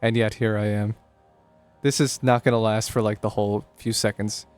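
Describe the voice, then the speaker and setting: A man's voice: fairly low pitch, little pitch movement, moderate pace, darkish tone, clean tone, soft background music. A young man casually commenting on a horror game as he streams it live, joking and thinking aloud. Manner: chatty, jokey, thinking aloud.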